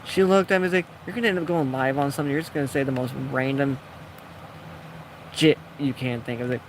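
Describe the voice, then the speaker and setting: Talking a little fast at medium pitch, a gaming creator casually rambles through a jokey story as he builds in-game, voicing the people he quotes. Slight background noise is present.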